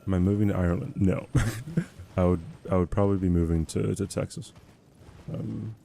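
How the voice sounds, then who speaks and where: Young male streamer, low gravelly voice, rambling casual gaming chat. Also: fairly even intonation, moderate pace, dark tone, a little hiss or hum. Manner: rambling, laughs often, self-deprecating. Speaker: livestreamer.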